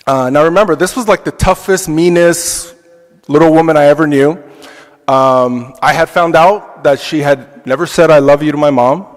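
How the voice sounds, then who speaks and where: A man's voice: a little high, normal speed. Man telling a story in a church hall. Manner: reflective storytelling with fillers. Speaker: adult class teacher. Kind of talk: personal testimony in a church class. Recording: long reverb of a church hall.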